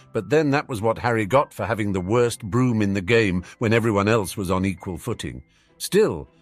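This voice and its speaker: Expressive male audiobook narrator. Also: lowish voice. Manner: expressive storytelling. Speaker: audiobook reader. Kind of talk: fan fiction audiobook narration.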